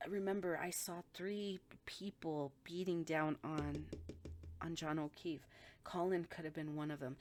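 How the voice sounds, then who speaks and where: Blunt, profane woman with a lowish voice. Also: fairly even intonation, measured pace, a little mellow. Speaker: spiritual reader. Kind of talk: intuitive reading monologue.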